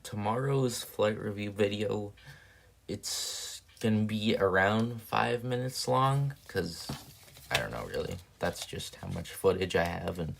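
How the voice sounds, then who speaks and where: A man casually thinking aloud while building paper planes on a live stream, soft-spoken and rambling. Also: on the low side, lively intonation, measured pace, vocal fry, a little hiss or hum.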